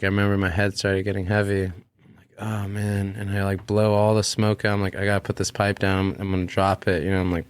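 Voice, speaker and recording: A man's voice: on the low side, smooth, no room sound. A young adult man, a musician guest, telling a long story casually, full of fillers and swearing. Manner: rambling, heavy on fillers and swearing.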